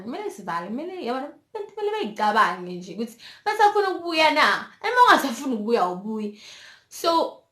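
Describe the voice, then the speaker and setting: A woman's voice: a little high, fairly bright tone. Young South African woman, emotional vlog. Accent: South African, Zulu-inflected. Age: young adult. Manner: candid, emotional, code-switching between English and Zulu. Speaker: vlogger. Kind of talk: personal storytime. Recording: roomy echo.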